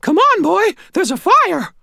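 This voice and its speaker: A man voicing a feisty, squeaky little old woman in an audiobook, querulous and scolding. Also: sing-song, moderate pace, no echo, clean studio sound, exaggerated voice. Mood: alarmed. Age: older. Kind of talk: audiobook narration.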